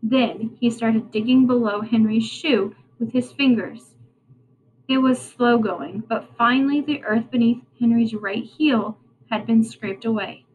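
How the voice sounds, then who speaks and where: Slow-reading woman teacher. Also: fairly high pitch, darkish tone, low-quality recording. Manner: unhurried, plain reading with small slips and restarts. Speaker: teacher reading aloud to a class. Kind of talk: reading a novel aloud.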